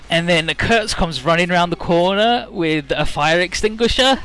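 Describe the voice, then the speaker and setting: A man with a bright, slightly high voice casually recapping a game's story, profane and rambling as he slips in and out of character voices. Faint game music plays underneath. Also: a little fast, few pauses, clean tone. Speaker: let's play commentator.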